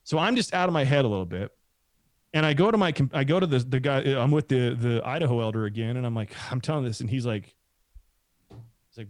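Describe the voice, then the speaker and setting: A middle-aged man with a medium-pitched voice talks fast, rambling casually through an extended story and doing animated impressions of the people he quotes. There's no echo.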